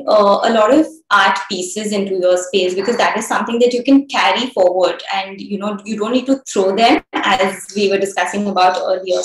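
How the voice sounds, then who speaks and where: Hesitant woman on an echoey call. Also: mid-range voice. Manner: hesitant, many fillers. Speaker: interior designer answering audience questions. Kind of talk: live online Q&A. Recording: echoey video call audio.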